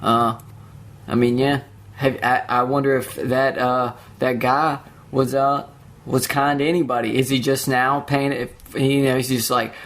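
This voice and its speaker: A man's voice: medium pitch, steady tone, normal speed, fairly bright tone. A young man hosting his own podcast, ranting alone with heavy profanity and sarcasm, mocking other people in put-on voices. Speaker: podcast host. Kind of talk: solo podcast rant.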